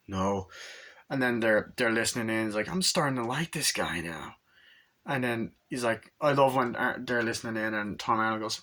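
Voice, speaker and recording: A man's voice: medium pitch, fairly quick, sharp tone. A young man reviewing a movie in casual, rambling chat, swearing freely and acting out quotes from the scenes.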